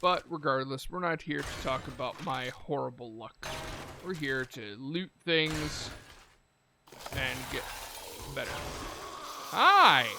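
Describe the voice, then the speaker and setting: A man's voice: medium pitch, a little slow, creaky, background noise. A man giving casual gameplay commentary, chatty and swearing, talking to the game and the zombies as he loots. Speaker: gameplay streamer.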